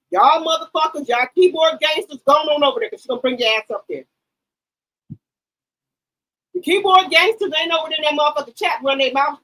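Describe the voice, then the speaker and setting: Loud, profane woman gossip host. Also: high-pitched, rough recording. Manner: loud, profane, emphatic hype; talks straight to her chat viewers. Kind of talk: casual reality-TV commentary.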